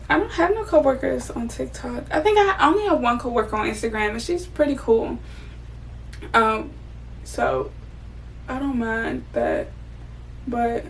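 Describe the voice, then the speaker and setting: A woman's voice: a little high, vocal fry, fairly bright tone, distant mic, a little hiss or hum. Young woman venting candidly while doing makeup. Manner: candid, swears freely, emotional. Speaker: vlogger. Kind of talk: casual get-ready-with-me venting.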